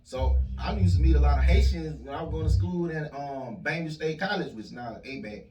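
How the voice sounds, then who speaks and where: A man's voice: fairly high pitch, fairly quick. A young man, a guest musician telling loose, profane stories in a casual podcast chat. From Southwest Georgia, US. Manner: loose, storytelling, profane slang. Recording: roomy distant mic, dull, loud music.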